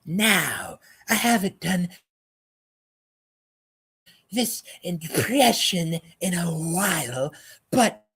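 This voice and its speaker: A man doing a mocking impression of a conspiracy talker with a very slow, dragging delivery in a raised voice. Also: high voice, big pitch swings, fairly bright tone, slightly rough, voice pushed up, heavily acted. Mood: droning. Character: conspiracy-talk man, droning and odd.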